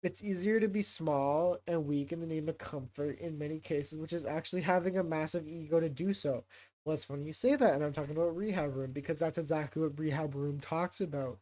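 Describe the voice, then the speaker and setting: A man's voice: a little high, brisk. Rambling male streamer thinking aloud. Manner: rambling, thinking out loud with many fillers. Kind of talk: casual livestream commentary.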